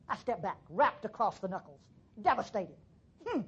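A woman preaching a sermon as dramatic storytelling, swinging from hushed passages to loud ones. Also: mid-range voice, sing-song, moderate pace, breathy edge. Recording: dull lo-fi recording.

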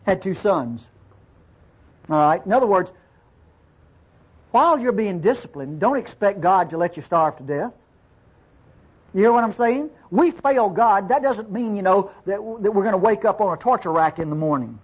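Husky, animated man teaching scripture. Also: high voice, moderate pace, pauses often, lo-fi sound. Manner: reads scripture aloud then explains it informally, checking in with listeners. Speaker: Bible teacher. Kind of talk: conversational Bible teaching.

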